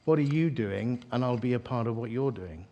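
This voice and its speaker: A man's voice: medium pitch, expressive, a little fast, warm tone, highs cut off. A man preaches at an evening church gathering. He tells his sermon as a string of stories, chatty and self-deprecating, tripping over his words and restarting often. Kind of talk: storytelling sermon.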